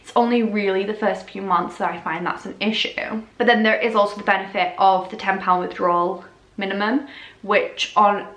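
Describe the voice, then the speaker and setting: A woman with a slightly hoarse voice, chatting casually in a vlog, full of ums and self-corrections. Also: medium pitch, steady tone, moderate pace, a bit bright. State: slightly losing her voice. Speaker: fashion influencer. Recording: echoey room.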